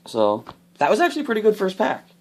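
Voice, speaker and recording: A man casually opening trading card packs, explaining each card's rules with bursts of excitement. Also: high voice, quick pace. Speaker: card unboxing host. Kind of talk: casual unboxing commentary.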